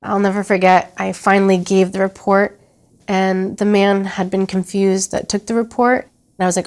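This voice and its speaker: A young woman speaking in a documentary interview, recounting her experience in a soft, halting way. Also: mid-range voice, level tone. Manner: soft, halting, emotional retelling. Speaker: interviewee, abuse survivor. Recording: faint music underneath.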